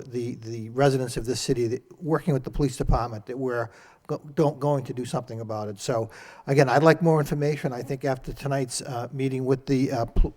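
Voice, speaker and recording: Measured male councilor, hedging and formal. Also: medium pitch, a little mellow. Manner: measured, hedging, many uh fillers. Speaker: city councilor. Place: council chamber.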